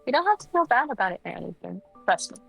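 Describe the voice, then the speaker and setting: A woman's voice: medium pitch, big pitch swings, racing, gravelly, a bit bright, faint music behind, poor audio. A woman guest on a livestream, chatting casually and rambling with lots of fillers. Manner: rambling, full of fillers like "you know". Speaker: guest streamer.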